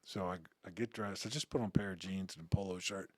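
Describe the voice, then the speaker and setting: A man's voice: low-pitched, fast talker, dry recording. A man who is the guest on an interview show, telling stories in casual conversation. He acts out quoted dialogue and restarts his sentences often. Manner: animated anecdote-telling, acting out quoted dialogue with frequent restarts. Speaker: interview guest, former uniformed security officer.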